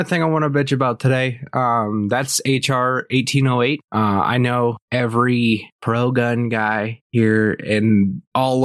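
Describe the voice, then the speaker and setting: Heard close and dry, this man rants straight into a podcast mic. His pitch sits right in the ordinary middle for a man. He talks bluntly and swears freely, as if telling the story to friends. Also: moderate pace, hardly any pauses, dry recording. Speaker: podcast host. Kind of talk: casual storytelling rant.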